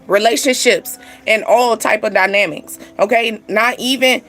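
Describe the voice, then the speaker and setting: A woman's voice: a little high, measured pace, fairly bright tone, soft background music. A young woman giving a casual spiritual card reading to camera, rambling and chatty, full of "like" and "you know". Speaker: tarot card reader.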